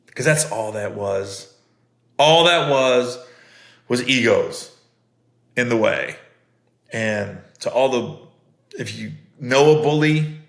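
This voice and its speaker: A middle-aged podcast host with a gravelly, fairly bright mid-range voice tells stories in a casual, earnest monologue, often repeating himself conversationally. The recording has a roomy echo.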